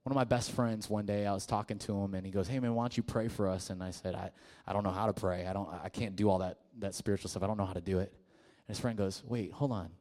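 Man, youth pastor, low-set voice; loose, chatty sermon delivery, goes quiet for stories. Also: fairly even intonation, fast talker, few pauses. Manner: casual and conversational, with fillers and restarts; drops to a quiet, hushed voice in the story.

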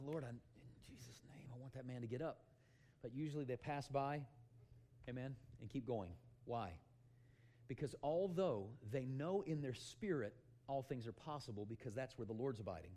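A middle-aged man preaching a sermon, telling animated stories and calling out "amen" to the congregation. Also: mid-range voice. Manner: loud, animated storytelling with calls of "amen".

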